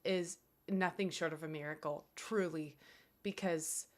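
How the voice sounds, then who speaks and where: A woman's voice: low-pitched, fairly even intonation, measured pace, slight background noise. A young woman streaming from home, talking to her chat in an earnest, grateful, rambling way with many fillers.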